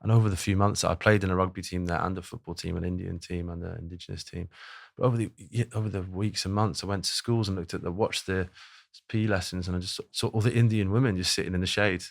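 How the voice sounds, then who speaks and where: A man's voice: sits low, fairly even intonation, fast, creaky. A man researcher speaking hesitantly on a webinar panel, with many fillers and restarts.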